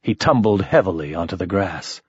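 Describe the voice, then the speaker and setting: Man, first-person story narration, low husky voice, animated delivery, dry lo-fi sound. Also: normal speed, no room sound. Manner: expressive, shifting voices for characters. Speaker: audiobook narrator.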